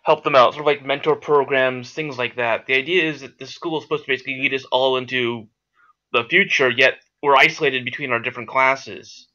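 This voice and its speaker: A man's voice: mid-range voice, steady tone, fairly quick, sharp tone, lo-fi sound. A man playing in a tabletop role-playing game, rambling in character with restarts. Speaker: player.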